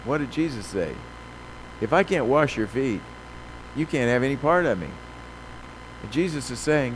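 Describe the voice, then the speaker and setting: A man preaching a sermon, reading scripture slowly and with emphasis, then telling folksy stories with many fillers. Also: mid-range voice, animated, background noise. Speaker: pastor.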